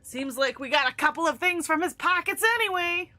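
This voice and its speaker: Young woman streaming a game, chatty, bright voice, faint music behind. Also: high-pitched, a little fast, dry recording. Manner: chatty, reads in-game letters aloud in funny voices. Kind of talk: casual live-stream commentary.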